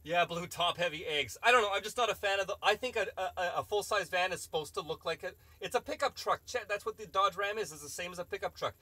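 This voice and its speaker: Guy on a live stream chatting with viewers, bright forceful voice, kinda rambly and opinionated. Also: high-pitched, fast, few pauses, no room sound. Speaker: host answering live chat. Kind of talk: casual live-stream chat.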